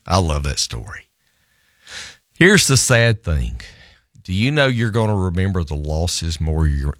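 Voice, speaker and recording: Low-voiced lawyer guy telling a story, voice swings all over, laughs a lot, dry close sound. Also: dry recording. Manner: lively storyteller, laughs often, repeats himself. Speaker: divorce lawyer. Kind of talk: animated anecdote in conversation.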